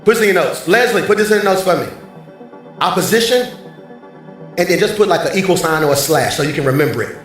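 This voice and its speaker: A male pastor preaching a sermon from a church stage, animated and bantering with the congregation. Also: sits high, fast, pauses often. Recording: very echoey hall, faint music.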